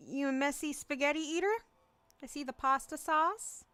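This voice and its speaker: A woman streaming a game live, reacting with loud laughter and swearing. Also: sits high, steady tone, moderate pace. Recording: faint background music.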